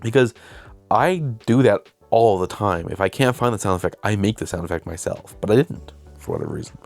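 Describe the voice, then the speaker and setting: Low-voiced young man rambling casually. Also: very animated, brisk, creaky, darkish tone, faint music behind. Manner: rambling, self-deprecating, acts out quotes. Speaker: video host and filmmaker. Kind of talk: casual storytelling to camera.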